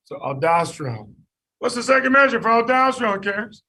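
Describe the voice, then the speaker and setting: A man lecturing a class on medicine, animated and jokey, quizzing students by name. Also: extremely high pitch, fairly quick. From United States.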